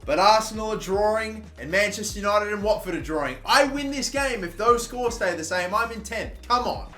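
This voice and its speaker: A man with an Australian accent commentating his own football video game session, excitable and swearing often, shouting at his players. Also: sits high, normal speed, faint music behind. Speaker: gaming YouTuber. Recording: echoey room with faint background noise.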